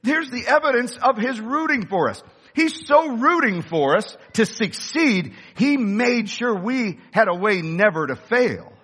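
A fiery male pastor preaching with an impassioned, swooping delivery that climbs into shouts. His voice sits high and bright with a husky edge. The sound carries the long reverb of a large hall. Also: sing-song, a little slow. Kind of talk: sermon.

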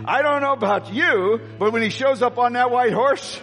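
High-voiced preacher man in a reverberant hall. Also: normal speed. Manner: rousing, calls the crowd to shout. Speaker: pastor. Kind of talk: sermon. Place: church sanctuary. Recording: long hall reverb with soft music.

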